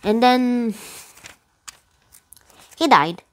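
Animated rambling woman reviewing a book. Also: very slow. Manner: rambling, loose, full of fillers and "literally"; animated, with sudden high pitch jumps. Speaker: book review channel host. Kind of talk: casual book review talk.

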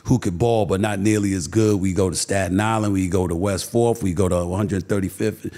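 A man's voice: sits low, fairly even intonation, a little fast, dark tone. A middle-aged man from Queens with a New York accent, a guest telling stories emphatically with many restarts. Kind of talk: podcast interview, storytelling.

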